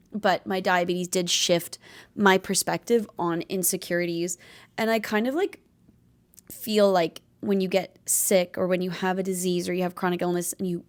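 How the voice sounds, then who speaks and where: A young woman hosting a podcast, talking in a casual, heartfelt and rambling way, with lots of filler words. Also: on the low side. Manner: earnest, rambling, filler-heavy, tearful at times. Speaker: podcast host.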